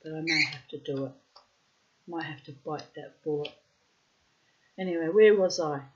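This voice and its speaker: A woman's voice: low voice, normal speed. Blunt, foul-mouthed woman. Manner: blunt, profane, chatty. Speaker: reader and vlogger. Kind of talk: casual rambling storytelling. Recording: dull lo-fi recording.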